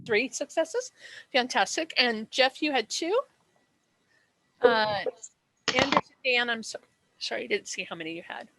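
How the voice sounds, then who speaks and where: A woman's voice: a little high, expressive, unhurried, long pauses, heavy background noise. A woman acting as game master, explaining dice rules and describing the setting in a chatty way, with many fillers and self-corrections.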